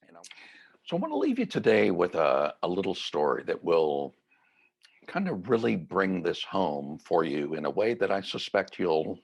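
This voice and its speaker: A middle-aged man giving a reflective, gently conversational mindfulness talk. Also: deep voice, sing-song, normal speed, creaky, breathy edge. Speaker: mindfulness teacher.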